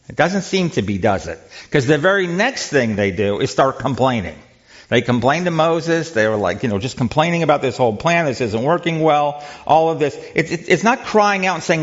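Male Bible study leader, chatty teaching manner, asks questions, repeats words; slightly muffled recording. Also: medium pitch.

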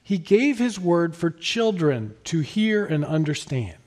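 A man preaching a sermon in an earnest, emphatic way, rising to stress his points and then dropping soft. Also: a little high, big pitch swings, measured pace. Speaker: pastor.

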